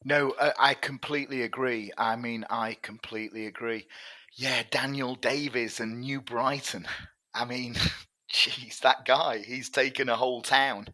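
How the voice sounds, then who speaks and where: A man's voice: mid-range voice, fairly even intonation, a little slow, pushed and bright, dry recording. A man, a tech company chief, telling stories in a casual interview, rambling with lots of fillers. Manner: chatty, rambling anecdotes with many fillers. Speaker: tech CEO guest.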